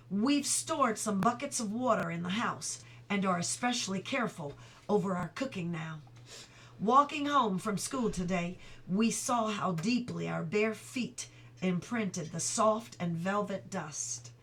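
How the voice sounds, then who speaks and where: A woman's voice: mid-range voice, fairly bright tone, slight background noise. Woman reading a novel aloud. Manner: reads steadily, breaks off for chatty asides and laughter. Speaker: audiobook reader. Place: at home.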